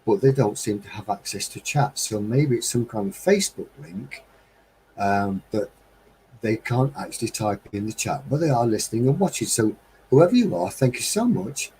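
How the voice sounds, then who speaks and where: A man with a lowish, soft and mellow voice, hosting a casual live-stream chat. He rambles along in a friendly, chatty way and chuckles often. A faint background hiss sits under his voice. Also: sing-song, moderate pace, rough recording. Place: home studio with green screen.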